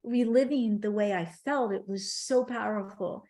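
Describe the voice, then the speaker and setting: A middle-aged woman tells a personal story as a podcast guest, with a heartfelt, spiritual warmth in her words. Her voice sits at an ordinary middle pitch, and she talks in an animated, conversational way. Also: unhurried.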